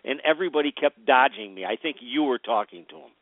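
A man's voice: mid-range voice, lively intonation, quick pace, no room sound. An older man co-hosting a radio show, talking in a hesitant, self-deprecating way. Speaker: radio co-host. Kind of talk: casual chat and recorded pitch. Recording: thin phone line with guitar music behind.

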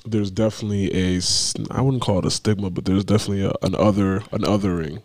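A young man co-hosting a podcast in casual chat, hoarse from a cold, talking in a thoughtful, measured way. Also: low voice, fairly even intonation, darkish tone, dry recording. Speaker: podcast co-host.

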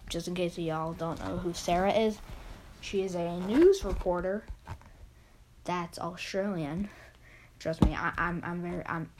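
A woman's voice: on the low side, a little mellow, slight background noise, rough recording. A woman reading a children's comic aloud, giggly and often stopping herself partway through. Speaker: reader.

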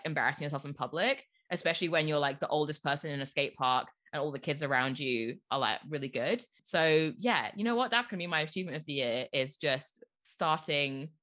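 A woman's voice: low-pitched, pushed and bright. A woman co-hosting a podcast, rambling and giggly as she answers a question. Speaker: podcast co-host. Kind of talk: casual podcast chat.

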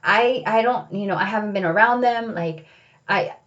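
A woman's voice: medium pitch, moderate pace, a bit bright, dull audio. A woman telling a personal story in a candid, reflective way, often saying "like" and "you know.".

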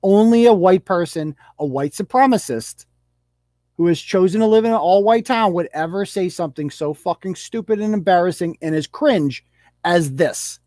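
A man's voice: high voice, moderate pace, warm tone, no echo, studio quality. A man hosting a live show, ranting with profanity and sarcasm and firing off mocking rhetorical questions while reading rules aloud.

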